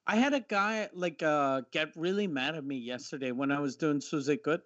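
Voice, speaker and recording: A man's voice: a little high, moderate pace, a bit bright, dry recording. Rambling podcast man, dull lo-fi audio. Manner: loose, rambling, profane. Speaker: podcast co-host. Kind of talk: casual comedic banter.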